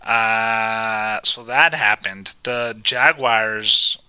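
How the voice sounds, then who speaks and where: Bright-voiced dry male co-host. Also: lowish voice, steady tone, very slow, smooth, rough recording. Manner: dry, brief remarks, reads off news items. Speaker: podcast co-host. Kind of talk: casual sports chat.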